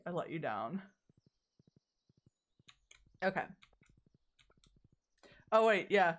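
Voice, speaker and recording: A woman's voice: mid-range voice, measured pace, pauses often, clean tone, faint music behind. A woman streaming herself playing a game, chatting casually, joking with chat and reading on-screen text aloud.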